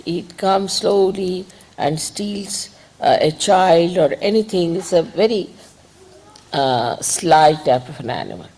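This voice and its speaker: A woman giving an informal spiritual talk, conversational and digressive, gently admonishing her listeners. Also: lowish voice, animated, slow pace, slightly rough, low-quality recording. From India. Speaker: spiritual teacher.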